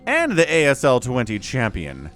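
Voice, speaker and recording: A StarCraft shoutcaster gives casual solo commentary on a strategy game match, chatting directly to his viewers. His mid-range voice is fairly bright and swings hugely in pitch at a moderate pace, with soft background music.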